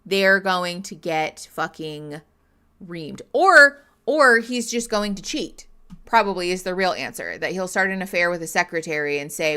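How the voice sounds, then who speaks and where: Bright, clear-voiced woman ranting profanely. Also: fairly low pitch, lively intonation, unhurried. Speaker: streamer reacting to a reality show. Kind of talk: live reaction commentary.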